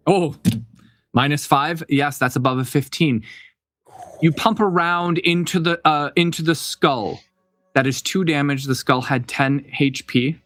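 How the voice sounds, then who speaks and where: A man's voice: a little high, measured pace, fairly bright tone, dry recording, soft background music. A man running a tabletop game as game master, describing scenes with many fillers and restarts.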